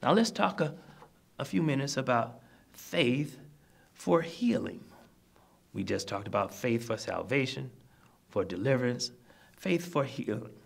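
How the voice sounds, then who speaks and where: Guy preaching a sermon, gravelly voice, keeps repeating himself to encourage folks. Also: mid-range voice, expressive, measured pace, long pauses. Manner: repetitive, exhorting, explains scripture in plain terms. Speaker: minister.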